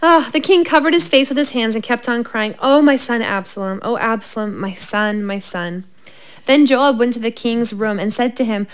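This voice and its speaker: A woman co-hosting a casual chat, retelling Bible stories in a lively way, laughing often and reading scripture aloud. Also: fairly high pitch, moderate pace, smooth.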